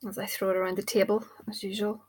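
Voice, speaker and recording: Flat-voiced woman chatting to camera. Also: mid-range voice, fast, slight background noise. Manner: chatty and informal, thinking aloud. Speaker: spell caster and card reader. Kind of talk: casual talk to camera. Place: indoors at a table. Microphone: camera mic.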